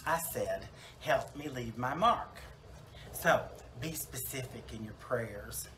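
A man's voice: mid-range voice, slow pace, fairly bright tone, low-quality recording. Brief: male preacher doing a self-absorbed salon-owner woman in heaven, rambling and wry, mid-range voice, faint hiss behind. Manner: rambling, full of fillers and restarts, wry. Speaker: preacher in character. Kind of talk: comic church monologue.

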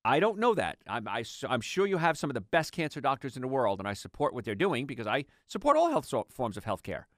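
A middle-aged man hosting a health radio show, telling patient stories in an animated, conversational way. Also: mid-range voice, quick pace, no room sound, clean studio sound. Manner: animated storytelling, acts out patients' lines.

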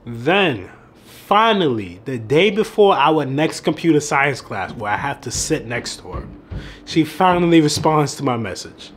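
A man's voice: on the high side, big pitch swings, a little slow, a little hiss or hum. A young man who coaches on dating, telling a story in a casual vlog, laughing often and swearing freely.

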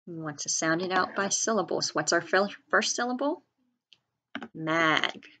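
A woman's voice: on the low side, expressive, bright, forceful tone. A woman teacher leading a reading lesson for children, sounding out words syllable by syllable and spelling them letter by letter. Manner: slow, clear enunciation, sounding out syllables and letters.

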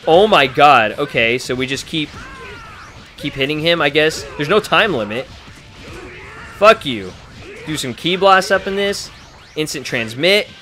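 Young guy yelling and swearing over his game, slightly high voice, faint game music behind. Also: expressive, moderate pace. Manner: hyped, swears a lot, frequent exclamations. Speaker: let's play gamer. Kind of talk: excited gameplay commentary.

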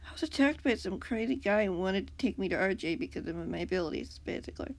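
Brief: sheepish, nervous young guy in a storybook, read by a woman, lively pitch, a bit of fry. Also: fast. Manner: sheepish and quiet. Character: nervous young man recovering in bed.

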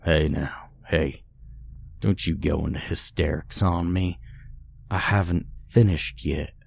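A man voicing a grinning, softly menacing male captor who talks in a folksy, unhurried drawl. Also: a bass voice, fairly even intonation, vocal fry, a little hiss or hum, heavily acted. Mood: sly menace.

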